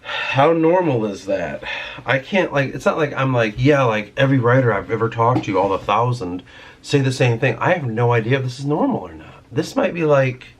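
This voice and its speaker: A vlogger and writer with a medium-pitched, slightly rough voice vents in a casual video about his writing and his job. Frustrated, he rambles and swears freely.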